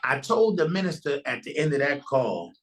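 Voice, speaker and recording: A man's voice: on the high side, big pitch swings, normal speed, poor audio. A man guesting on a podcast, earnestly telling a personal testimony in a loose, conversational way and often restarting his sentences.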